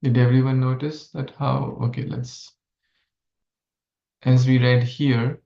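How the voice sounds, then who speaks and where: Man, scripture class teacher, explains verses syllable by syllable, gravelly voice, echoey room. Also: mid-range voice, little pitch movement, mellow. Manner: slow, explains verse syllable by syllable, asks listeners questions. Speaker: Bhagavatam class speaker. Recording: echoey room, dull lo-fi sound.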